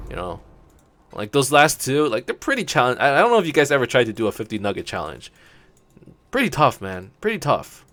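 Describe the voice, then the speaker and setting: Rambling young man, lively voice. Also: medium pitch. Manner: rambling, storytelling, casual swearing. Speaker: gaming channel host. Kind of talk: let's play commentary.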